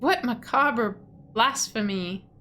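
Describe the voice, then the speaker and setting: A woman's voice: on the high side, takes it slowly, sharp tone. A woman reading aloud the lines of a crusader survivor from a video game, in an earnest read-aloud way. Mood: urgent.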